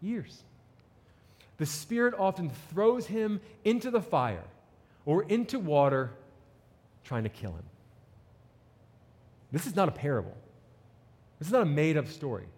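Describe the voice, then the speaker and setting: A man preaching a sermon with an animated delivery, reading scripture and acting out the people in it. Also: fairly high pitch, measured pace, long pauses, in a large hall. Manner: animated preaching, reads scripture and acts out quotes. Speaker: pastor.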